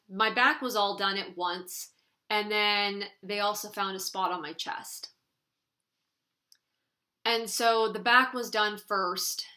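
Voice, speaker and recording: A young woman chatting straight to camera in a casual vlog, telling her own story candidly and earnestly. Her voice is bright and forward, at an ordinary middle pitch for a woman. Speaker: vlogger. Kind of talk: casual sit-down vlog chat.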